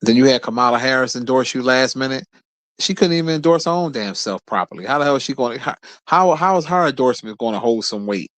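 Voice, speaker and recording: A man's voice: mid-range voice, animated, quick pace, fairly bright tone, no room sound. A man streaming casual commentary, blunt and profane, who often stumbles and repeats words at the start of his sentences. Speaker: streamer host.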